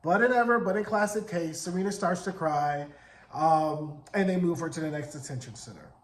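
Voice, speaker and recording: A man in his forties giving a sassy, animated casual recap of a TV episode, acting out the characters' lines. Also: fairly high pitch, normal speed, slight background noise. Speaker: TV recap vlogger. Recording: roomy echo.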